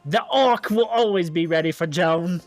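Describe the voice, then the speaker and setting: Guy doing a humble bearded ex-soldier fisherman, talks slow and kinda high, rambly, faint music behind. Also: animated, fairly bright tone. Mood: rambling.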